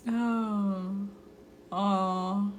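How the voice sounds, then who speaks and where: A woman astrologer chatting on a live stream and giving readings, effusive and quick to laugh, sometimes slowing into a soft invocation. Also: medium pitch, fairly even intonation, a little hiss or hum. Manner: effusive, gushing, laughs often.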